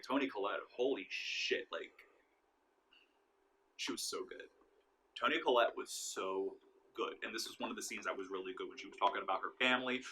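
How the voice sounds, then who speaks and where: A man's voice: mid-range voice, bright, forceful tone, slight background noise. A man giving a casual, profane movie review, acting out characters and laughing often. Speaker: film reviewer.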